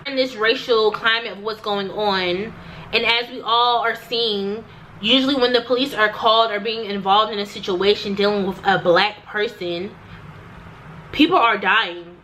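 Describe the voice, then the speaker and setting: A woman's voice: mid-range voice, fairly even intonation, normal speed, pushed and bright, a little hiss or hum, rough recording. A young woman vlogger recounting a personal story to the camera, emphatic and repetitive, talking straight to her viewers.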